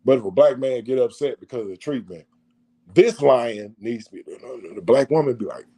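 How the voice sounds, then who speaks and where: Animated preachy man with lively pitch. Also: a little fast, husky. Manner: animated, rhetorical questions. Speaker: vlogger. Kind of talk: preachy monologue.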